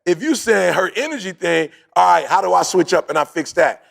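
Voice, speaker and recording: Gravelly, animated man telling a story. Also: sits high, a little fast. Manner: animated, slangy, acts out his own quotes. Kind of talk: casual storytelling chat.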